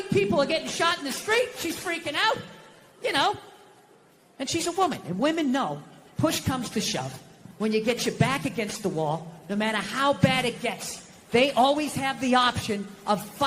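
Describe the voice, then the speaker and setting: A middle-aged man doing a stand-up routine on stage, ranting with profanity and breaking into shouts. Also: very high voice, big pitch swings, moderate pace. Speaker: stand-up comedian. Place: live comedy venue on stage. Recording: echoey hall, crowd laughter, noise. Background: audience laughter.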